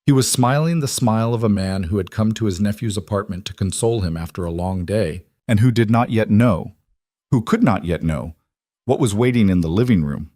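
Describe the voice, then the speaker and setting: A man giving measured, deliberate scripted narration of a crime drama. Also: fairly low pitch, mellow, dry recording, clean studio sound.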